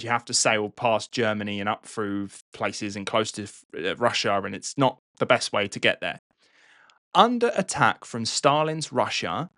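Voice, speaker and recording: A man's voice: mid-range voice, a bit bright, dry recording. A man tells a history story on a podcast in a loose, chatty way, dropping swear words and checking in with "right?". His voice sits in the middle of his range and sounds dry, with no room around it. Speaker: podcast host.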